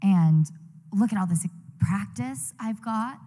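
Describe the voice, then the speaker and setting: A woman's voice: medium pitch, lively intonation, slow, warm tone. A young woman chatting frankly on a convention panel, teasing her co-star and speaking openly about auditions. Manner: frank, chatty, playfully pushy. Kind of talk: casual panel chat. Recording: echoey convention hall on a mic.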